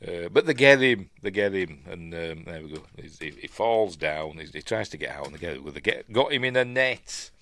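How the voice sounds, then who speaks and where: A man's voice: low voice, animated, normal speed, hardly any pauses, sharp tone. A man with a Yorkshire accent chatting casually as a film reviewer, talking over the movie as it plays and rambling with many ums and asides. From Yorkshire, England.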